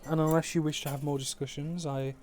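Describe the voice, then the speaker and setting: A man's voice: a little high, flat delivery, a little fast, a little mellow. A man with a West Midlands English accent, narrating a tabletop game as game master in a laid-back, swearing, rambling way from home. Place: home, online session.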